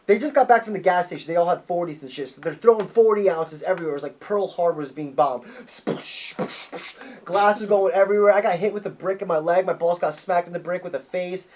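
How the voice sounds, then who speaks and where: A man hosting a casual podcast, telling a story in a profane, excitable way. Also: high-pitched. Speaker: podcast host.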